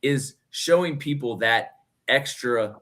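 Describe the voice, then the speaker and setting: A man co-hosting a faith podcast in casual chat, animated and emphatic, speaking in quick bursts. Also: medium pitch. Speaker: podcast co-host.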